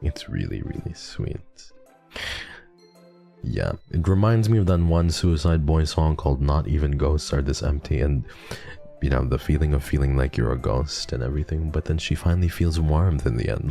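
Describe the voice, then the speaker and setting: A young man streaming a game, speaking softly and affectionately to his chat. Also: rumbling low, normal speed, vocal fry, faint music behind. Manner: soft, affectionate and emotional with chat. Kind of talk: emotional game playthrough with chat.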